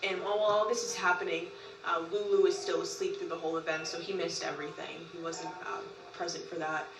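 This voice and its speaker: A woman telling a long story in casual talk, animated, often laughing and acting out what others said. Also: fairly low pitch, a little fast, distant mic. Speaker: group member recounting events. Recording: roomy, from off-mic.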